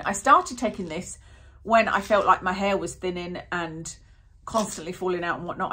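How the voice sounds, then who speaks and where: A woman's voice: lowish voice, bright, forceful tone. A woman chatting through a product review in a rambling, self-interrupting way. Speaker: beauty vlogger.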